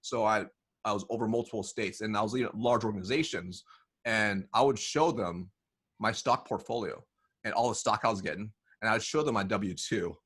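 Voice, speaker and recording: A man being interviewed as a sales consultant, telling stories in a lively way, often saying "right?" and acting out bits of dialogue. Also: on the low side, fairly quick, husky. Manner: animated, says "right?" often, acts out dialogue. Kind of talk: casual interview storytelling.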